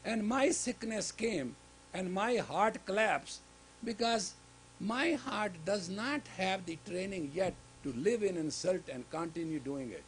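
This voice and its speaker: A man giving a sermon-style lecture as a spiritual teacher in a gurdwara, speaking emphatically with sudden loud rises on key words. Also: sits high, expressive, a little slow, a little hiss or hum, poor audio.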